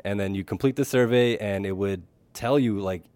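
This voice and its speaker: Male co-host, low-pitched and laid-back, dry close mic. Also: normal speed, dry recording. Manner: relaxed, gives short backchannel replies. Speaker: podcast co-host. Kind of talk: casual interview chat.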